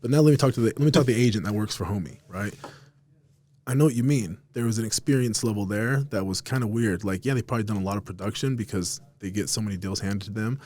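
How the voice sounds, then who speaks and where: A man's voice: on the low side, fast talker, warm tone. A man hosting a casual podcast chat, blunt and emphatic, swearing often as he makes his points. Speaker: podcast host.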